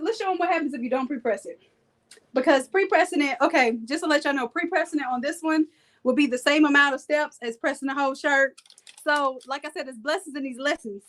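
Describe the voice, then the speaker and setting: A woman's voice: sits high, a bit bright, low-quality recording. A woman instructor leading a live hands-on printing demo, chatty and playful, joking with her viewers.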